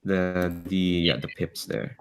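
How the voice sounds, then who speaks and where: A man running a tabletop game as game master, narrating in a rambling, halting way full of fillers and restarts. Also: deep voice, fairly even intonation, clean tone, faint music behind.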